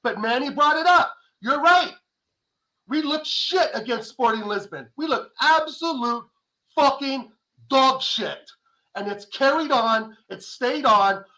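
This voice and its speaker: Furious high-pitched football fan. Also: male voice, lively intonation, slow, low-quality recording. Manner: furious, swearing, shouting. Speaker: panel guest. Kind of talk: heated fan rant.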